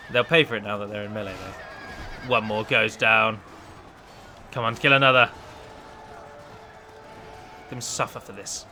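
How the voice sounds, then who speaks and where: Bright-voiced man giving gameplay commentary. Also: medium pitch, a little hiss or hum. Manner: chatty and analytical, breaks down unit stats. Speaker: mod developer hosting a let's play.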